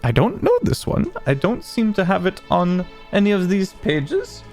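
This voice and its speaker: A game master narrating a tabletop game in a slow, musing way. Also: mid-range voice, huge pitch swings, darkish tone, faint music behind.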